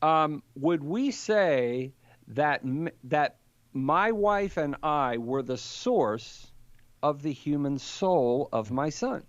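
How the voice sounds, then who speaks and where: An older man in casual conversation, telling a lively story and acting out the quotes in it. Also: fairly high pitch, slow pace, dry recording, muffled recording. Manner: animated storyteller, acts out quotes. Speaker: Catholic apologist guest.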